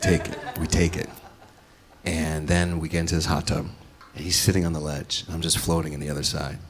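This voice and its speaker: A man's voice: extremely low pitch, flat delivery, a little fast, a little hiss or hum. A man doing stand-up, telling a story in a profane, exasperated way. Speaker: stand-up comedian.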